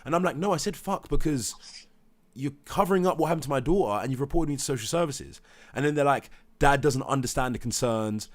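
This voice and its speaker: A man's voice: mid-range voice, fairly quick. Agitated man recounting, acts out voices. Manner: animated, acts out others' words, swears. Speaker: parent telling his story. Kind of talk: heated live debate.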